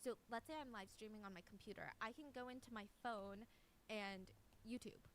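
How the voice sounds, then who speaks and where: A woman's voice: medium pitch, moderate pace, slight background noise, poor audio. A woman narrating a true crime video in a chatty, conversational way, adding side notes.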